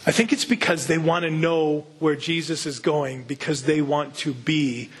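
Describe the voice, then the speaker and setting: Husky-voiced pastor, a touch high, earnest conversational teacher who reads scripture and asks the audience questions. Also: male voice, moderate pace. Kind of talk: Bible reading and sermon teaching.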